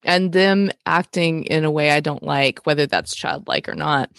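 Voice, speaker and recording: A woman co-hosting a conversational talk, explaining ideas about relationships and stressing key points slowly. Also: sits low, gravelly, a bit bright, no echo, clean studio sound.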